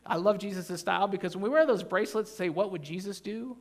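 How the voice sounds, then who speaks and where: A pastor preaches in a church with a high, rough, gravelly voice. He speaks fast and emphatically, breaking into loud, animated bursts and tossing jokes to the congregation.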